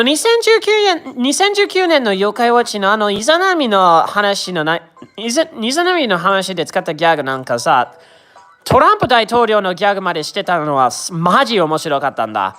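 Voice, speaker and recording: Young woman streamer with a lively voice. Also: mid-range voice, quick pace, faint music behind. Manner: rambling, self-correcting, giggly. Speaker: game streamer. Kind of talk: casual game commentary.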